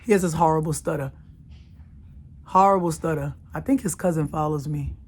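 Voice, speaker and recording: A woman's voice: sits low, normal speed, darkish tone, breathy edge. A woman in her thirties hosting her own channel, telling a personal story in a casual, emphatic way and repeating phrases for effect. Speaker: channel host.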